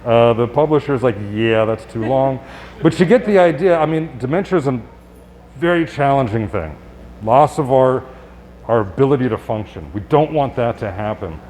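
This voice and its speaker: A man's voice: mid-range voice, expressive, a little mellow. Male doctor, live talk, chatty and upbeat with rhetorical questions, mid-range voice, faint room noise behind. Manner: conversational and upbeat, with rhetorical questions and quick asides. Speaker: physician giving a health talk. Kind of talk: live presentation to an audience. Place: public event space.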